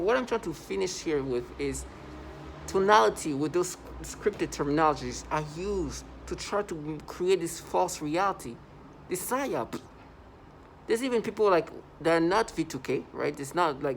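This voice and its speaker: Here the vlogger's voice is a little high, captured on a low-quality recording with slight hiss or hum. Speaking to camera in the first person, he sounds urgent, circles back over the same points, and leans heavily on "like."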